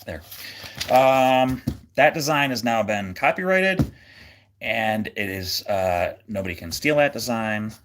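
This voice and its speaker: A man's voice: lowish voice, expressive, slow pace, fairly bright tone. Rambling man chatting on a livestream. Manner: rambling, many fillers and restarts; jokey, goofy. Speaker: livestream host. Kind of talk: casual livestream chat.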